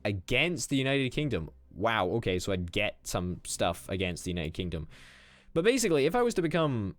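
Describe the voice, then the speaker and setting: A young man casually commenting on a strategy game as he plays, excitable, swearing and thinking out loud. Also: fairly low pitch, normal speed, no room sound. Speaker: gaming YouTuber.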